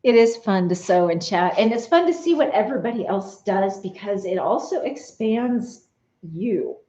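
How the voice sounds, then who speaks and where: A woman chats casually with her live viewers, animated and quick to laugh. Her voice is mellow and relaxed. The sound is roomy and a little dull, like a home studio on a modest mic. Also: medium pitch. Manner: chatty and animated, laughs often, reads viewer comments. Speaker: vlogger chatting with live viewers.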